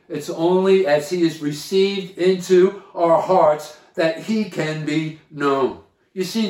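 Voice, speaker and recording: Slow, high-voiced preaching man. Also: a little mellow, echoey room. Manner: slow, deliberate preaching with emphatic pauses. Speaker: pastor. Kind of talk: sermon.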